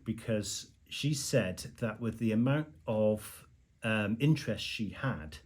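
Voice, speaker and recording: A man in his forties in casual podcast chat, talking in a measured way with many ums. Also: on the low side, animated, darkish tone. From England. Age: 40s. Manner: measured, with frequent ums and fillers.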